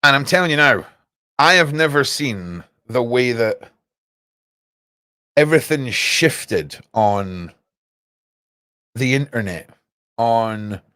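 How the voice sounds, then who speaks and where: A man's voice: mid-range voice, a bit bright, no room sound, clean studio sound. A young man hosting a livestream, rambling casually and talking straight to his chat viewers. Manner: rambling, cryptic, chats to viewers. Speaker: livestream host.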